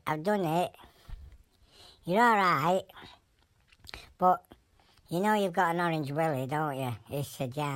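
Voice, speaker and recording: A woman with a broad Yorkshire accent voicing an animal who tells jokes in a deadpan, rambling way. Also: sits low, no room sound. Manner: deadpan, rambling joke-telling in broad dialect.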